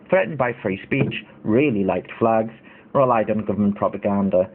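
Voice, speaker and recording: A man in his thirties hosts a casual livestream, rambling and indignant, with lots of fillers. His voice is lowish and moderately paced, and the audio sounds tinny, like a phone.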